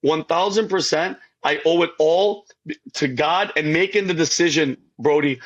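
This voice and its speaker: Husky, high-voiced man giving heartfelt testimony. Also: normal speed, highs cut off. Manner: rambling, stammering restarts, keeps addressing the host by name. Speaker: podcast guest. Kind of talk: emotional faith testimony in casual talk.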